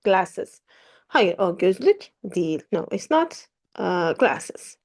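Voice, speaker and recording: Female teacher, mellow tone, lively intonation, patient explainer. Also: medium pitch, takes it slowly. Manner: explains patiently, repeats examples, switches between two languages. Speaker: language teacher. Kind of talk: grammar lesson with example sentences.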